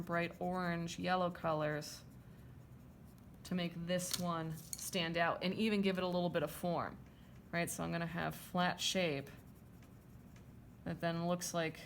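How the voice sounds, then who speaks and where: A woman's voice: fairly low pitch, creaky, a little hiss or hum. A woman art teacher talking through a drawing demonstration, chatty and checking in with her students as she draws. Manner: chatty, checks in with "okay?" and "right?".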